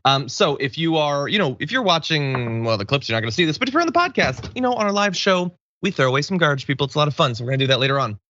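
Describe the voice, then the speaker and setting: A man's voice: a little high, very fast, hardly any pauses, dry recording, lo-fi sound. A man hosting a casual news talk show, joking and laughing with his co-host. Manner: jokey, animated, laughs often.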